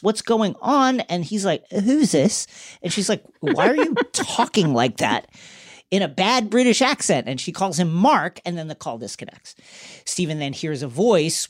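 A podcast host casually recapping a TV episode in a loose, chatty way, with fillers and the odd swear word. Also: medium pitch.

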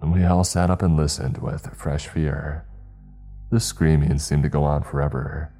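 A man reading a first-person horror story as narrator, slowing down in the tense moments. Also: very deep voice, little pitch movement, creaky, warm tone, faint music behind.

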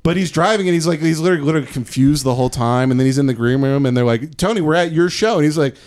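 A man's voice: mid-range voice, very fast, a little hiss or hum. A man co-hosting a comedy podcast, talking casually and jumping into exaggerated impressions. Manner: animated, jumps into exaggerated impressions. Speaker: podcast co-host.

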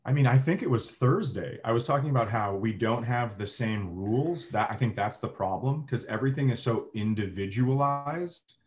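A man's voice: mid-range voice, normal speed, few pauses, a little mellow. A man co-hosting a podcast in casual chat, trading wry jokes. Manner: wry, joking banter. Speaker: podcast co-host.

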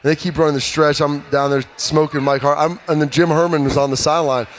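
A man in his thirties, a former player, telling stories in an animated, emphatic way during a casual sports chat. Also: fairly high pitch, fast, a little hiss or hum.

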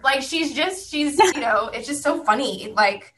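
A woman's voice: on the high side, lively intonation, slow, hardly any pauses, a bit bright, rough recording. A woman in her thirties, a guest on a podcast, chatting candidly, laughing often and swearing freely. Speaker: guest author. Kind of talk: casual interview chat.

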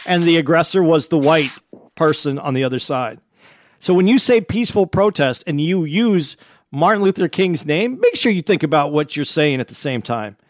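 High-voiced earnest man co-hosting a podcast. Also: lively intonation, dry recording. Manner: earnest, halting with many restarts. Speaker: podcast co-host. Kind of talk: casual chat.

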